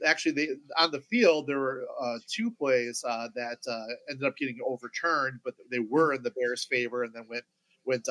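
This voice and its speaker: Bright-voiced man chatting sports, halting. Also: mid-range voice, rough recording. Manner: halting, many fillers and restarts. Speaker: podcast co-host. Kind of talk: casual sports chat.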